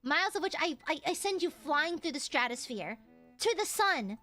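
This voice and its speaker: A young woman streamer with a very high, bright voice that swings widely in pitch. She chats warmly one moment and shrieks curses at her chat the next, excitable and unfiltered. Soft music plays faintly behind her. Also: normal speed. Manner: excitable, swears, jumps from tender to shouting at chat. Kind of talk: casual livestream chat.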